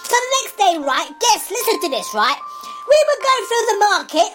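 A man's voice: very high voice, very animated, moderate pace, music in the background, pitched above the performer's own voice. A man voicing a spoiled, tearful two-year-old toddler who wails and sobs in comic bursts. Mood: whiny. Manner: wailing, sobbing bursts. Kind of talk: comic character monologue.

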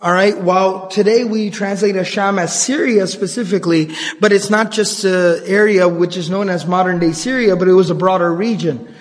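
A man's voice: high-pitched, moderate pace, in a large hall. A man giving an earnest storytelling lecture on the Prophet's life, mixing in Arabic phrases and the odd filler. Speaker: Islamic lecturer.

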